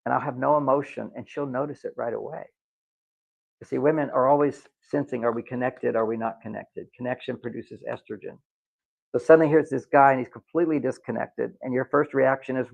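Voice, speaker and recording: Gravelly man lecturing a live audience. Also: medium pitch, brisk, lo-fi sound. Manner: lecturing, acts out quoted voices with lively swings. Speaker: workshop speaker.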